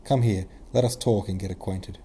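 Man reading as an imperious old prince, blunt and commanding, dark low voice, audiobook. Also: steady tone, moderate pace, a little hiss or hum. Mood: gruff.

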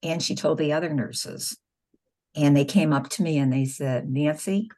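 A middle-aged woman, working as a nurse and pro-life spokeswoman, earnestly narrates patient stories in a conversational interview, performing the dialogue. Her voice is deep and darkish in tone, delivered at a moderate pace.

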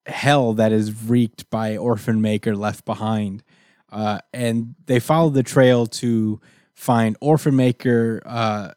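A man's voice: medium pitch, dry recording. Dry-voiced man recapping a comic. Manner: animated storyteller who acts out characters' lines. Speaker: podcast co-host recapping a comic. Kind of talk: casual chat.

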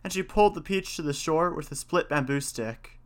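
A man's voice: on the high side, normal speed. A man narrating an old folk tale in a folksy, old-fashioned storybook manner.

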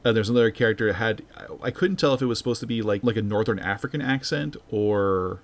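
A man's voice: lowish voice, fast. A man co-hosting a podcast, talking through his thoughts in a casual, searching way. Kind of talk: casual discussion.

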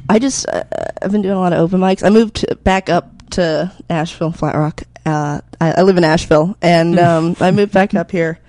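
Deadpan joking woman comedian. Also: fairly low pitch, dry recording. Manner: quick deadpan jokes, playful voices. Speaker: comedian guest. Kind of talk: casual chat.

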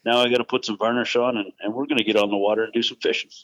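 Bright-voiced man, blunt and joking. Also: medium pitch, fairly even intonation, rapid-fire. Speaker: podcast co-host. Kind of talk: casual chat.

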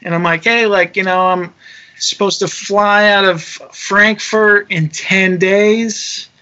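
A young man casually telling a travel story, animated and swearing freely while acting out the quotes. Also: sits high, slow, muffled recording. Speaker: touring musician telling a story.

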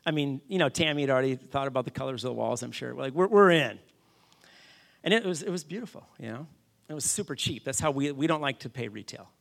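Male pastor, middle-aged, gravelly, animated self-mocking sermon storyteller. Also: mid-range voice, fast. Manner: animated, self-deprecating, speaks to the congregation.

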